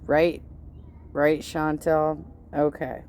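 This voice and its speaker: Woman in her fifties, reaction host, low voice, unhurried, blunt and sarcastic, faint hiss behind. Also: flat delivery, darkish tone. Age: 50s. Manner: blunt, sarcastic, swears freely. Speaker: commentary host. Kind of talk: casual reaction commentary.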